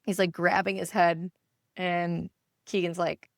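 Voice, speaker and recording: Woman in her 30s, podcast co-host, casual storyteller, low and gravelly, dry close sound. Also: unhurried, dry recording. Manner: animated storytelling, acting out her kids' voices. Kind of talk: casual chat.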